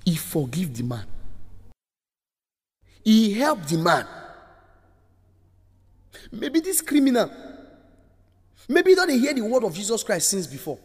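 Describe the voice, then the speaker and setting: A man with a Nigerian accent preaching to children in an animated, storytelling way, his voice sitting high and swinging widely. A long hall reverb trails his words. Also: measured pace, pauses often, breathy edge. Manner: animated storytelling with acted-out quotes. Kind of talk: sermon.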